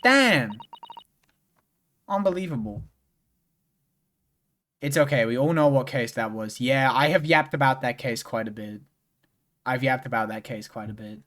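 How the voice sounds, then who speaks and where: A man's voice: medium pitch, animated, unhurried, pauses often, a bit bright. A young man streaming a game, chatting casually and rambling with lots of restarts and swearing. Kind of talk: casual chat while playing a game.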